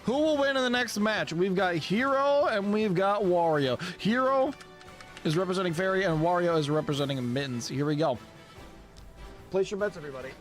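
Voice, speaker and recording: A young man commentating on a live stream, his voice a little high and swinging all over as he exclaims at the action. He laughs often and drops into brief character voices. Game music plays clearly behind him. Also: animated, normal speed.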